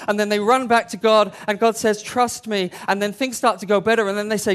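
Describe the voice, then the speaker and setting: A man delivers an animated sermon, acting out the voices of those he quotes. His voice is high and his pace a little fast.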